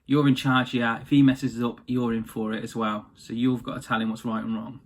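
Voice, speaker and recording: A man's voice: medium pitch, flat delivery, fairly quick, slight background noise, lightly acted. A man voicing a blunt, stern fairy. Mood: instructing. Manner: casual, blunt scolding. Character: magical female fairy, stern but fair.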